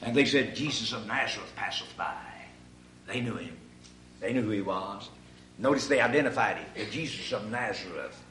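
A man preaching a sermon in a church hall. He addresses the congregation as ladies and gentlemen and swells into shouted emphasis on key points. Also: medium pitch, slight background noise. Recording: echoey hall, far from mic.

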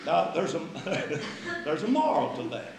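A man's voice: fairly high pitch, wildly swooping pitch, takes it slowly, gravelly, reverberant, noisy background. A man preaching a sermon, emphatic and folksy, mixing scripture with homespun stories.

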